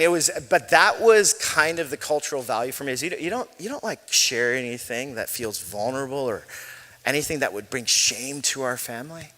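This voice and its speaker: Male preacher, lively pitch, bright tone, casual storytelling delivery, echoey church hall. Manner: conversational storytelling, self-deprecating jokes. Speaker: pastor. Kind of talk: sermon.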